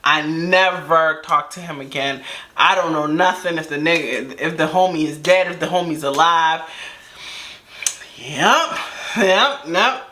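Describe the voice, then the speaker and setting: A woman's voice: low voice, measured pace, bright, forceful tone. A woman vlogger telling a personal story in casual, slangy chat, full of asides and rhetorical questions.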